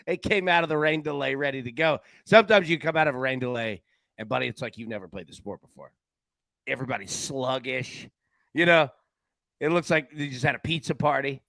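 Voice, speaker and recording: A man's voice: mid-range voice, brisk, creaky, no echo. A man hosting a sports betting show, chatting casually in a loose, slangy way. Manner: animated, loose and slangy, lots of "man" and "dude".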